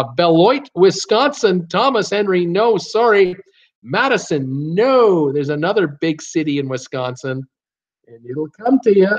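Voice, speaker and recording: A man hosting a casual live trivia stream, upbeat as he reads out viewer guesses and gives hints. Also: fairly high pitch. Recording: dull lo-fi stream audio.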